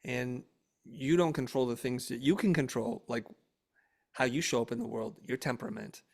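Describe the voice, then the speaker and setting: A middle-aged man appearing as an interview guest tells a casual family story, animatedly acting out the dialogue in a raised voice. His voice is medium-pitched and creaky, delivered at normal speed.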